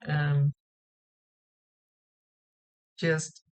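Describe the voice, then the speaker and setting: A woman's voice: low voice, normal speed, gravelly. A woman psychic medium giving a reading, chatting plainly as she relays spirit messages. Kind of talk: recorded psychic reading monologue.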